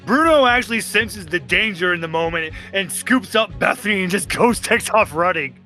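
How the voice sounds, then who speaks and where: A man running a tabletop game, narrating with energy and slipping into voices for the figures. His tone is very bright and pitched a little high. Faint music sits underneath. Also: normal speed. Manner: animated, jumps into character voices. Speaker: game master.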